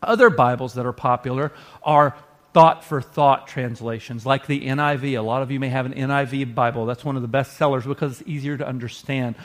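A man's voice: mid-range voice, steady tone, brisk. A man preaching a sermon to his congregation in a conversational, earnest way. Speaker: pastor.

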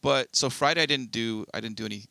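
A man's voice: mid-range voice, fast, gravelly, bright, forceful tone, dry recording. A young man co-hosting a podcast, telling a long rambling story in casual chat and swearing freely. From Southern California. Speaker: podcast co-host.

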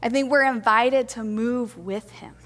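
A woman preaching a sermon to a congregation, gentle, earnest and reflective. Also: fairly high pitch, unhurried, big-room sound.

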